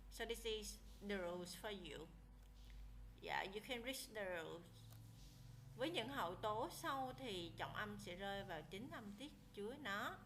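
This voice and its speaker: A woman's voice: on the high side, a little hiss or hum, low-quality recording. A woman with a Vietnamese accent teaching an English lesson, explaining rules step by step and switching between English and Vietnamese.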